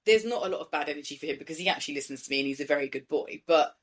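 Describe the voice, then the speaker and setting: A woman in her thirties hosting a podcast, chatting in a blunt, sweary, animated way and laughing often. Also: sits low, racing. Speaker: podcast host. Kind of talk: casual chat.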